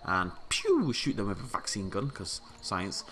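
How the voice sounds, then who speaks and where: Chatty man with a bright voice. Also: fairly low pitch, wildly swooping pitch, a little slow, faint music behind. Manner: playful, chatty, talks to the game characters. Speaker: let's play host. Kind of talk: casual gameplay commentary.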